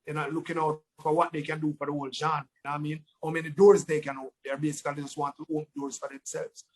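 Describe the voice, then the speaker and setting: A man with a Jamaican accent, a dancehall artist talking casually in an interview, relaxed and often repeating words as he thinks. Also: on the high side, fast, low-quality recording. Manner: relaxed, repeats words, breaks into his song lines.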